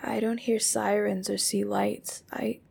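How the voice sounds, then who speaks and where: A scared young woman speaks in a hushed, breathy near-whisper, shaken but blunt, as a woman reading a story puts her on. Her voice has a gravelly edge, and she keeps it low and quiet. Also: fairly even intonation, a little slow.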